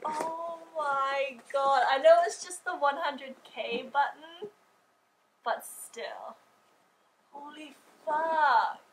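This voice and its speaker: A woman YouTuber filming a casual vlog at home, excitable and gushing, who swears freely as she talks. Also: sits high, drawn-out words, a little hiss or hum, low-quality recording. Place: at home indoors.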